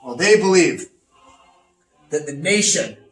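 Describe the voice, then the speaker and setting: A pompous, boastful fascist, played by a man lectures with smug self-importance in a fairly high voice. The sound is roomy and echoing, taken from some distance off the mic. Faint music plays underneath. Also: expressive, takes it slowly. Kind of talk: comedic educational role-play.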